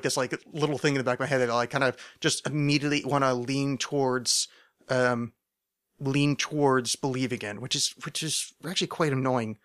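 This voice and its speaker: Bright-voiced rambling man, podcast host. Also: medium pitch. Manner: rambling, swears a lot, many fillers and restarts. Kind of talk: solo rambling monologue.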